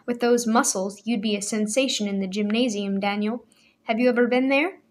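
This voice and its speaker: A woman voicing a cheerful young man who speaks hastily and tries to smooth things over. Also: a little high, fairly even intonation, normal speed, lightly acted. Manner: cheerful, hasty, conciliatory.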